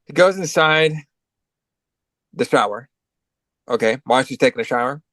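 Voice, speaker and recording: A man's voice: medium pitch, lively intonation, normal speed, fairly bright tone, no room sound. A man with a cold co-hosting a podcast, giving a loose, profane, filler-heavy recap of a movie. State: has a cold. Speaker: podcast co-host.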